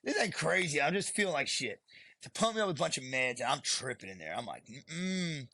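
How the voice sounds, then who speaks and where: Gravelly, husky veteran man. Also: mid-range voice, very animated, quick pace, pushed and bright, no echo. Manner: blunt, profane, rambling. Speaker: podcast guest. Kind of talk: candid storytelling.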